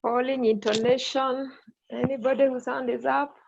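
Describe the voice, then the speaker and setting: A woman's voice: high-pitched, flat delivery, normal speed, vocal fry, a little hiss or hum. A woman teacher leading an online English lesson, prompting students and repeating their answers back. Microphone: video call. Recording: muffled video call audio.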